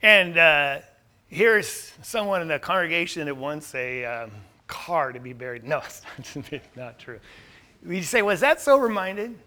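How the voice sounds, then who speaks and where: A middle-aged pastor preaching a sermon, animated and full of rhetorical questions. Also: male voice, a little high, measured pace.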